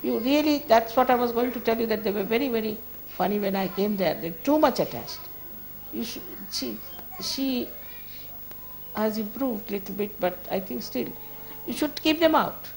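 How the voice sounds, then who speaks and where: Chiding spiritual teacher, a higher female voice. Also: normal speed, gravelly, a little mellow. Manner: conversational, firm and chiding, often laughing. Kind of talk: informal spiritual talk to an audience.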